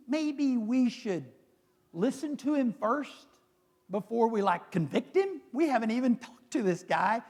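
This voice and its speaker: A man's voice: very high-pitched, mellow, long reverb tail, pitched above the performer's own voice. A man voicing a cautious council member who suggests listening first, speaking tentatively. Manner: hesitant, tentative.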